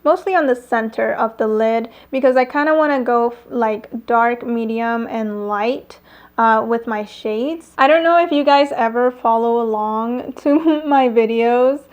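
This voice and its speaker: With a slightly high, unhurried voice and a lo-fi sound, a woman chats her way through a casual makeup tutorial at home. The beauty vlogger uses plenty of fillers and small laughs, and airplanes can be heard passing nearby.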